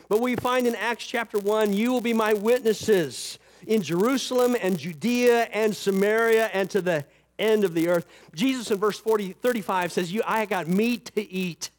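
A man preaching a sermon as pastor, talking conversationally with asides and slowing down to stress scripture. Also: high-pitched. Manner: rises and falls for emphasis, slows on scripture; conversational asides with "you know" and "right".

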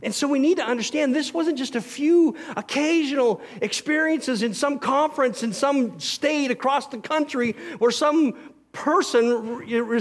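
A man preaching a sermon as pastor, earnest and emphatic, swinging between loud passages and quiet ones. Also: very high-pitched.

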